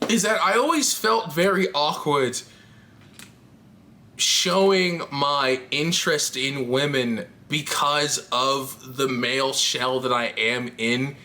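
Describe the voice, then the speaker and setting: A woman's voice: extremely low pitch, slow pace, sharp tone. A trans woman vlogging to camera in a candid, rambling chat, laughing often and swearing casually.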